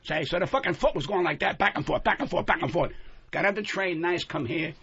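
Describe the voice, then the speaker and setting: An older man, a guest comedian, ranting loudly and profanely in a studio, on a muffled radio broadcast. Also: sits high, a little fast, breathy edge. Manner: loud, yelling, profane, combative. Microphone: studio microphone.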